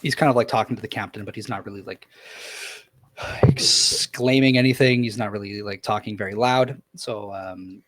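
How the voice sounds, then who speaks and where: A man's voice: on the low side, steady tone, moderate pace, fairly bright tone. A young man narrating as dungeon master in a tabletop game, describing scenes loosely with many fillers.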